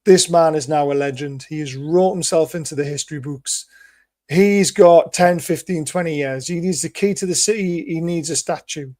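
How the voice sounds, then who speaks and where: A hoarse, excitable man hosts a live fan celebration show, laughing between lines. His voice sits a little high and sounds close and dry, with no room around it. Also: normal speed, no room sound. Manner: excitable, laughing, hung over. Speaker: host. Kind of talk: casual chat.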